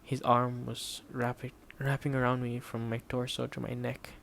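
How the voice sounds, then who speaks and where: A man narrates an audiobook at a steady, measured pace. His mid-range voice carries a gravelly texture, and he keeps the characters' lines quiet rather than theatrical. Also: mid-range voice, slight background noise.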